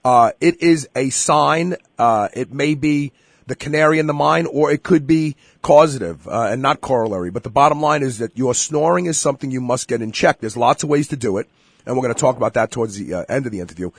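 A man's voice: medium pitch, brisk, dry recording, clean studio sound. A man hosting a radio health interview, talking emphatically and speaking straight to his listeners. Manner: emphatic, direct address to listeners. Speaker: radio show host.

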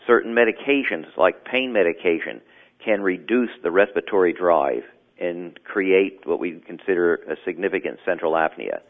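A man explaining sleep medicine as an interview guest, measured and clinical. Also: low-pitched. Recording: tinny phone line.

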